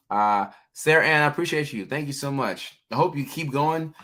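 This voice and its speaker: A man's voice: fairly high pitch, animated, moderate pace, hardly any pauses, pushed and bright. A man hosting a casual livestream, chatting freely with lots of fillers and reading viewers' names aloud. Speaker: livestream host, mental health clinician.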